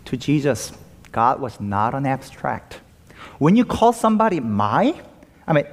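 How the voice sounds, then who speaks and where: A man preaching a sermon as pastor, emphatic, moving between raised and hushed delivery. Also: medium pitch, lively intonation, moderate pace, big-room sound. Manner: emphatic, swings from loud to hushed. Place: church sanctuary.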